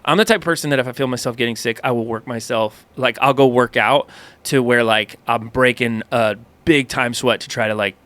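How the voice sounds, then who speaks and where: A man co-hosting a podcast in casual chat, joking and tossing in quick bits of quoted dialogue. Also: mid-range voice, fairly bright tone. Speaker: podcast co-host.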